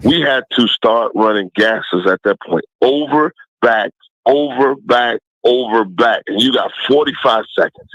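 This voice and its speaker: A middle-aged man, a former football player, telling lively stories as a guest, laughing often and talking colloquially. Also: medium pitch, a little slow, no room sound, dull audio. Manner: animated, laughing storyteller with colloquial speech. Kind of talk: casual storytelling.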